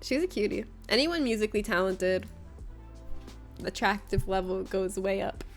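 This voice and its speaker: A woman's voice: medium pitch, animated, moderate pace, faint music behind. A woman from Florida chatting casually with her viewers during a livestream, telling stories and laughing often. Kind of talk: casual chat with viewers during a game stream.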